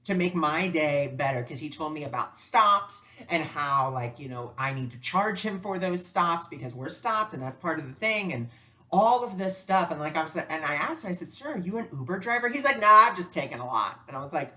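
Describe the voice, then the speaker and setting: A woman teaching spiritual lessons through personal stories, animated and acting out dialogue. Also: low-pitched, normal speed. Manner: animated, acts out dialogue with lively voices. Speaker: spiritual teacher and life coach. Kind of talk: storytelling lesson.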